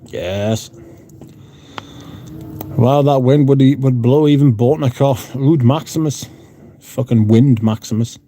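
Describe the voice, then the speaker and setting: A man's voice: medium pitch, slow pace, pauses often, dark tone, a little hiss or hum. A man hosting a livestream, chatting casually, reading out viewer comments, and swearing bluntly. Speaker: livestream host. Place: room at home.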